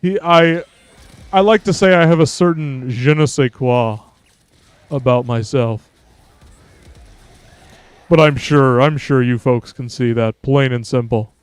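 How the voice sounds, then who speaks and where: A man doing a voice for a smooth, self-assured showman character who brags about his flair. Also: mid-range voice, a little slow, long pauses, dry recording, close to an everyday voice. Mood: smug.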